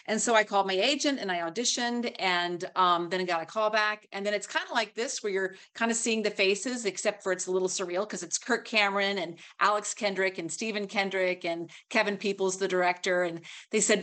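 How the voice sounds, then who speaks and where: A woman's voice: medium pitch, fairly even intonation, fairly quick, hardly any pauses, sharp tone. Middle-aged woman, interview guest, earnest heartfelt storyteller. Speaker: guest actress. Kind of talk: casual interview talk.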